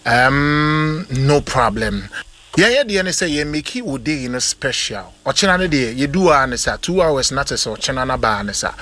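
A man with a Ghanaian accent hosting a call-in radio show, giving hyped shout-outs and blessing a caller. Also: mid-range voice, lively intonation, normal speed, slight background noise. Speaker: radio host. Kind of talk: call-in birthday show, English and Twi mix.

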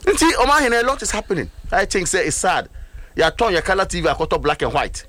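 A man's voice: high-pitched, sing-song, fast talker, sharp tone, no echo. A man with a Ghanaian accent arguing animatedly in a political talk show debate, emphatic and mixing in Twi phrases. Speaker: political commentator.

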